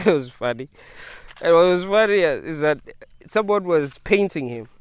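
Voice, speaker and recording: A man's voice: fairly high pitch, animated, normal speed, clean tone. A man talking casually to his viewers in a rambling monologue, laughing often and leaning on fillers. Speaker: video creator.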